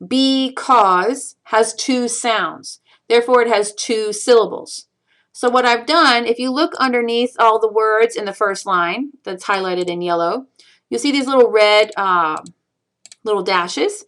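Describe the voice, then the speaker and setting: A woman teaching a screencast lesson on a poem, reading lines slowly and counting syllables aloud, with patient explanations and frequent fillers. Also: a little high, a bit bright. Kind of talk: recorded screencast lecture.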